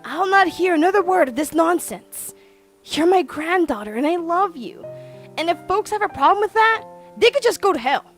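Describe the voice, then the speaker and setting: A woman voicing a vulgar, fiercely protective old grandmother who scolds bluntly and loudly. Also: extremely high pitch, expressive, moderate pace, soft background music, pitched above the performer's own voice. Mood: stern.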